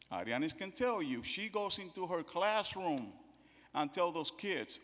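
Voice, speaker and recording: A man's voice: high voice, sing-song, unhurried. Middle-aged father, eulogy in a reverberant church. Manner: storytelling, acting out quotes, swings from soft to loud. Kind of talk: funeral eulogy with family stories. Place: church sanctuary. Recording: long church hall reverb.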